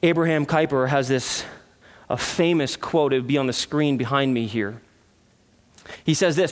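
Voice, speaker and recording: A pastor with a mid-range voice preaches at a measured pace with long pauses, his words echoing with long hall reverb in the sanctuary. His sermon leans on earnest rhetorical questions and shifts between forceful emphasis and hushed reflection.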